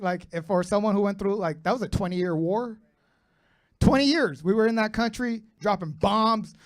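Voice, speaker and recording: A man in his thirties doing a profane stand-up comedy set, bantering brashly with the crowd. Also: high voice. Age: 30s. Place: comedy club stage with live audience.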